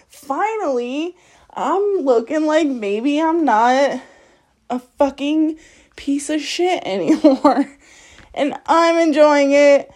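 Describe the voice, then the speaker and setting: A woman with a high voice talks slowly through a candid personal monologue. She is blunt and swears freely, often laughing mid-sentence. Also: darkish tone. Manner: frank and profane, laughs often while telling. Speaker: podcast host.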